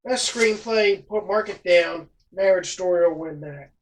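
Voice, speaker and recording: A man's voice: sits high, unhurried, rough recording. A man hosting a casual podcast, reading award picks and cursing in exasperation at his co-host. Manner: profane, exasperated, rattling off picks. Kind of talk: casual chat.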